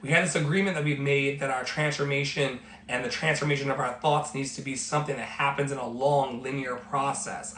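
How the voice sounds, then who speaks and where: A man's voice: medium pitch, steady tone, fairly quick, hardly any pauses, a bit bright, a little hiss or hum. A man giving an emphatic motivational talk as a life coach, repeating his phrases like a preacher. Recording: echoey room with faint music.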